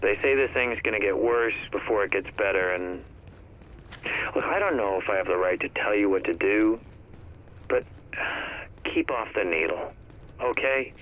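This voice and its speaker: A man's voice: on the low side, moderate pace, long pauses, narrow, tinny audio, lightly acted. An actor playing an ordinary man in game phone recordings, talking earnestly and conversationally. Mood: concerned.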